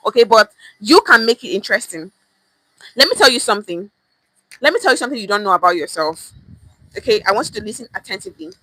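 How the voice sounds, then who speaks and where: A Nigerian woman with a Nigerian accent coaches her viewers in Pidgin, her voice high and bright. She talks straight to the listener in an animated, casual way, repeating key phrases and slipping into Pidgin. The sound is dry and close. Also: no room sound, low-quality recording. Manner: addresses viewers directly, mixes in Pidgin. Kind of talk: casual teaching monologue.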